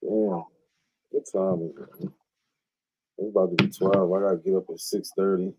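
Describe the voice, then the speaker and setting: A man's voice: low-pitched, fairly even intonation, normal speed, background noise. A man on a live online panel, chatting easily in slang. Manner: easygoing slang, laughs often. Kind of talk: casual chat on a live panel.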